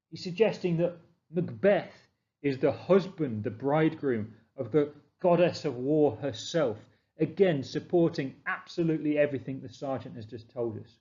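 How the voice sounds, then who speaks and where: Male teacher, mellow low-ish voice, explanatory revision lesson, slightly lo-fi voice-over. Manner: explanatory, emphatic, reads quotes slowly.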